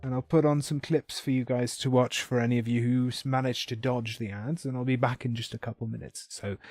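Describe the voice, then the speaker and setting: A man's voice: mid-range voice, steady tone, brisk, a little mellow, no echo, clean studio sound, faint music behind. A man chatting casually with viewers during a live game stream, rambling and correcting himself as he goes.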